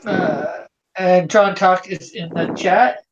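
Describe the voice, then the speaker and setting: A man's voice: sits high, slow pace, lo-fi sound, noisy background. Laid-back man reading stream chat. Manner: relaxed, reads viewer messages aloud. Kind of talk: casual chat.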